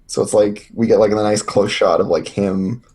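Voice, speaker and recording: A man with a low, husky voice, playing in a tabletop role-playing game. He thinks aloud hesitantly, packing his talk with fillers. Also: fairly even intonation, normal speed, darkish tone. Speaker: player. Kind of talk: casual tabletop play.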